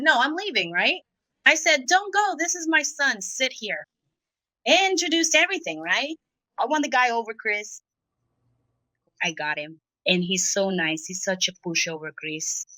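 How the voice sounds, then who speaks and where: A woman's voice: mid-range voice, pushed and bright, no echo, low-quality recording. A middle-aged woman from Brazil, a guest in an interview, telling her own story emotionally. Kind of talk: confessional interview talk.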